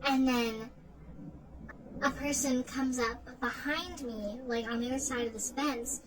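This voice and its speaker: A woman's voice: high voice, unhurried, background noise. Woman rambling through a dream story. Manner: rambling, full of "like" fillers and restarts. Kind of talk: casual retelling of a dream.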